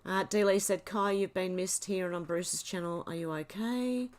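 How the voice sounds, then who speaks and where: A woman's voice: fairly low pitch, fairly even intonation, moderate pace. A woman hosting a livestream, chatting casually and laughing often as she reads viewer comments aloud. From Australia. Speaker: livestream host.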